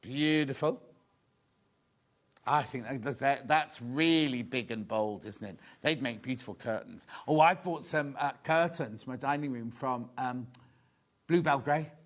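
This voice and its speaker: A man's voice: medium pitch, measured pace. A man presenting a live shopping show, with cheerful, chatty sales patter and asides to the crew behind the camera. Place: TV studio.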